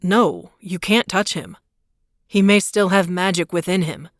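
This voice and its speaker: Brief: woman narrator as a steady, protective male lead, low and firm, dry close sound. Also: unhurried, no room sound, natural voice. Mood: soothing. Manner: firm and soothing. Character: protective, steady young man with magic. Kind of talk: audiobook character reading.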